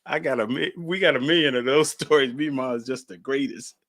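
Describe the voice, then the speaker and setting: A man's voice: medium pitch, brisk, fairly bright tone, no room sound, studio quality. A man hosting a podcast, talking in a chatty, folksy way and laughing as he tells stories. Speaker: podcast host. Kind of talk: casual podcast monologue.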